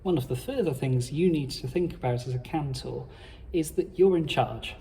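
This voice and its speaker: A man explaining how to cantor psalms in a measured, formal instructional talk. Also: on the high side, creaky, warm tone, long reverb tail, a little hiss or hum. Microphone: playing his own accompaniment.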